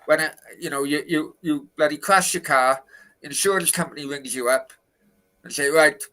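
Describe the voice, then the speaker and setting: A man talks football in a loose, sweary rant, angry about his club's dealings. His voice is bright and tense and sits a little high. He is speaking from a hotel room. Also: normal speed, rough recording. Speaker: co-host of football talk show. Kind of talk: casual chat.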